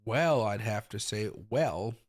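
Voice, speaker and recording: A young adult man from the US Pacific Northwest hosts a live crypto market stream in casual, rambling commentary, full of fillers and repeats, with sudden loud outbursts. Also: lowish voice, slow. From Tacoma, Washington, US. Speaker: crypto market livestream host.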